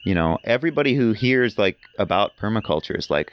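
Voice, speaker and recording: A man's voice: on the low side, expressive, a little fast, clear, resonant tone, muffled recording. A man talking as a podcast guest in casual conversation, telling rambling, enthusiastic stories.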